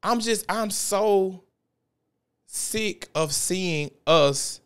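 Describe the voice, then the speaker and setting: A young man from South Memphis with a Memphis Southern accent, hosting a podcast and telling stories in a loose, profane, animated way. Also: high-pitched, extremely slow, smooth. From South Memphis, Tennessee. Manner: profane, animated storytelling with frequent laughs. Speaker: podcast host. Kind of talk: casual podcast monologue.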